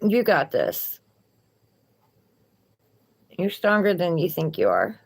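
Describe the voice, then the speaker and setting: A woman's voice: on the low side, big pitch swings, takes it slowly, vocal fry, husky. A woman with a Southern accent, reading tarot cards on a live stream and chatting encouragingly with viewers. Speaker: tarot reader.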